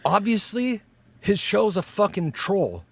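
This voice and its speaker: A man guesting on a podcast, telling animated, heavily profane stories in casual chat. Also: sits high, takes it slowly, creaky.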